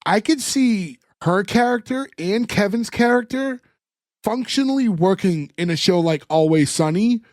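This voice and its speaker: A man's voice: high voice, animated, unhurried, no room sound, studio quality. A man co-hosting a podcast, chatting casually and rambling through a TV episode recap with many fillers. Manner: rambling, lots of fillers, retells scenes. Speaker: podcast co-host.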